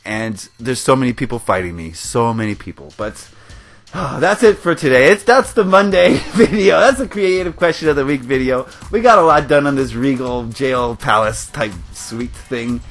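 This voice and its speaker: A man's voice: medium pitch, lively intonation, moderate pace, a bit bright, soft background music. A man hosting a gaming video, giving a passionate, emotional rant to his viewers. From United States. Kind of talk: ranting commentary over gameplay.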